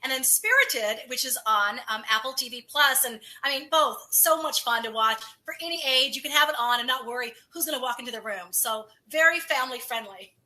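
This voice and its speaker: Bubbly high-pitched woman correspondent. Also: fairly quick, few pauses, pushed and bright. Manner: bubbly, gushing. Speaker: entertainment correspondent. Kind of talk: casual news chat.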